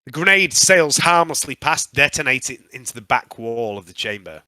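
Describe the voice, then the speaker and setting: Male game master, bright voice with a lively, swooping delivery, dry close mic. Casts the scene and calls for rolls. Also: mid-range voice, dry recording. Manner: lively narration with frequent "um" pauses. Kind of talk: narrating a tabletop game.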